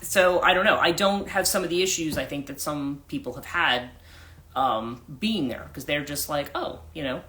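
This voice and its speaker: This deep, slightly bright female voice moves at a moderate pace. The speaker is an American life coach casually chatting on a livestream in a central New Jersey and British accent blend, rambling through restarts and fillers.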